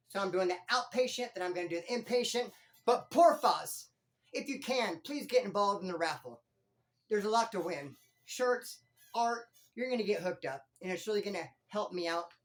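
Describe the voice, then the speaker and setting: Animated slangy man telling prison stories. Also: high-pitched, normal speed. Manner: animated, slangy street talk. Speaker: former prisoner, channel host. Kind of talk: casual storytelling vlog.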